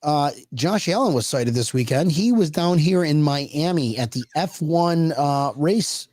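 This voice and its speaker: A man with a high, light voice chats casually as a show's co-host, animated and quick to laugh, often breaking off and restarting mid-sentence. The sound is dry and close to the mic, with no room around it. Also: no echo. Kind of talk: casual chat.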